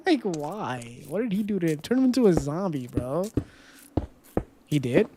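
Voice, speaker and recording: Playing and chatting casually with viewers, a live streamer speaks a little slowly in a sing-song, mid-range voice. They count steps aloud and break into loud dismay when things go wrong, with background noise behind them.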